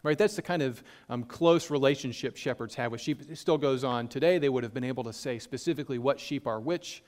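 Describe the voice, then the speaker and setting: A man preaching a sermon, reading scripture slowly and explaining it in a casual, conversational way with frequent fillers. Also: medium pitch, a little mellow. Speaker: pastor.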